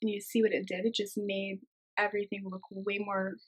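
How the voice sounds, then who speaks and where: A woman beauty vlogger narrating a casual makeup tutorial in a chatty way, gushing with quick exclamations over the shades. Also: medium pitch, level tone, breathy edge.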